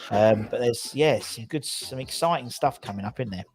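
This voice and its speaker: A man's voice: medium pitch, moderate pace, a little mellow, slightly rough. A man hosting a casual football fan chat show, rambling through stories and reading out viewer comments. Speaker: podcast host.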